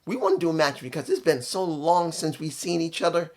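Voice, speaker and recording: A man's voice: fairly high pitch, a little fast, a little mellow. A man giving a casual spoken review, blunt and opinionated, rambling from point to point. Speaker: wrestling show reviewer.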